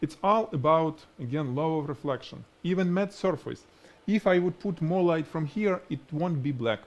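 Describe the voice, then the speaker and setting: A man with a strong Russian accent whose first language is Russian, teaching product photography on a live stream in an animated, demonstrating way. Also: a little high, normal speed, lo-fi sound. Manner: animated, explains by demonstrating, laughs at himself. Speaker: photography instructor.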